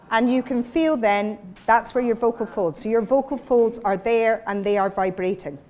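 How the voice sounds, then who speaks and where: A woman leading a voice workshop for a live audience, explaining and demonstrating sounds as she goes. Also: a little high. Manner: demonstrative, breaks into sound demos. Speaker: vocal coach. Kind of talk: workshop lecture with live voice exercises.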